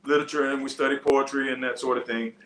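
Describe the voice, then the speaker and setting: A man's voice: medium pitch, fairly even intonation, fast, fairly bright tone, roomy sound. A man preaching a sermon in a loose, conversational teaching style, with frequent restarts and side stories. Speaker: pastor. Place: church.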